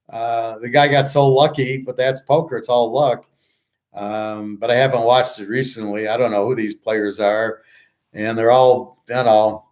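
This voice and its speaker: A man's voice: mid-range voice, a little mellow. A man hosting a show, ranting casually and bluntly with lots of swearing, rambling and restarting his sentences. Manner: blunt, profane, ranting and scoffing. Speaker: show host and handicapper. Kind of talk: casual monologue.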